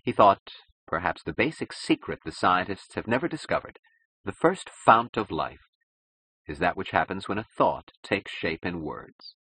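A man narrates a novel in a very deep, low voice with a husky, breathy edge. His reading is measured and dramatic, and the recording is close and dry. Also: very animated, sharp tone, dry recording, low-quality recording. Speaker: audiobook narrator. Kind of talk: scripted narration.

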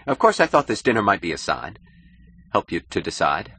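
A man's voice: sits low, big pitch swings, a little fast, a bit bright, a little hiss or hum, voice pushed up. A man voicing an ambitious young male architect who talks eagerly and stammers when flustered in an audiobook.

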